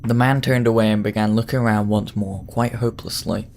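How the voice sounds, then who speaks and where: A man's voice: lowish voice, fairly even intonation, brisk, darkish tone, a little hiss or hum. A man reading a text adventure game aloud with dry, teasing asides. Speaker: game narrator.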